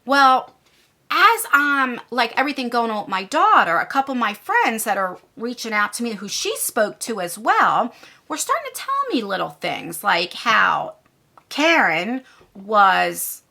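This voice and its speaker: Woman, forties, storytime vlogger, rambling, indignant, lively pitch, fairly high voice. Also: unhurried, gravelly. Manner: animated, rambling, indignant retelling. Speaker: YouTuber. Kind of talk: storytime vlog.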